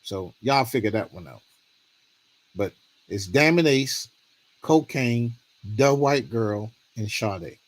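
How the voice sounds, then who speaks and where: A man's voice: medium pitch, lively intonation, takes it slowly, long pauses. Guy livestreaming, rambling and begging for comments, voice jumps all over. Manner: pleading, rambling, talks baby talk to his dog. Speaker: streamer. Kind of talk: casual livestream talk.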